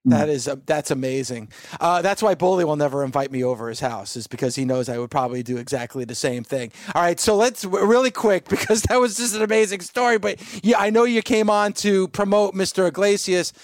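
A man hosting a casual interview, easygoing and quick to laugh. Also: high-pitched, dry recording. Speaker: host.

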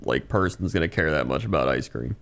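A man's voice: a bass voice, lively intonation, brisk, gravelly, fairly bright tone. A man co-hosting a podcast, reacting with laid-back, wry comments in casual chat. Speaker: podcast co-host.

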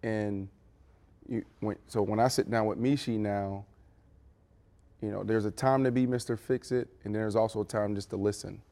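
A middle-aged man co-hosting a podcast in casual chat, animated and storytelling. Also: lowish voice, moderate pace. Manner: animated, acts out quotes with big voices. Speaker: podcast co-host.

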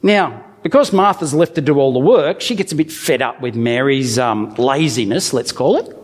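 A man's voice: medium pitch, normal speed, husky. A man preaching a conversational sermon to a congregation, reading a Bible passage and then unpacking it with humorous asides. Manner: animated storytelling with humorous asides.

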